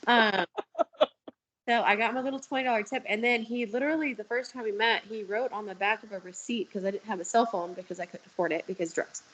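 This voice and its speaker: A woman's voice: medium pitch, steady tone, fast, fairly bright tone, low-quality recording. Young woman chatting on a video call, blunt and swears a lot, tells long stories. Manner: candid, swearing, storytelling. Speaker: guest. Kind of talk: casual chat.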